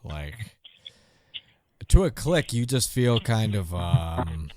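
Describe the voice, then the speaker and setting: A man's voice: fairly low pitch, big pitch swings, slow pace, a crowd in the background. A man hosting a podcast interview, chatting casually and swearing freely, often trailing off mid-thought. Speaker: podcast host.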